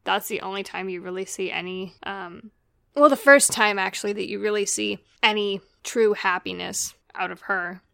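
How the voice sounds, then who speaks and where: A woman's voice: mid-range voice, normal speed, creaky, bright, forceful tone, clean tone, no room sound, clean studio sound. A woman in a casual chat about a film, talking with fillers and trailing sentences. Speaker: podcast co-host discussing a film.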